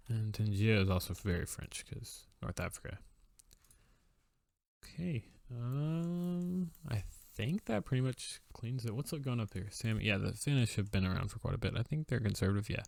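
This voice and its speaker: Low gravelly man musing over a strategy game. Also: dry recording. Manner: musing aloud, many fillers, wry asides. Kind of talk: casual gameplay commentary.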